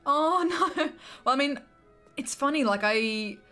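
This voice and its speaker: A woman's voice: on the high side, pushed and bright, soft background music. Bubbly Australian woman streamer chatting. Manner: chatty, bubbly, quick asides to chat. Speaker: gaming streamer. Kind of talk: casual chat with live chat while playing.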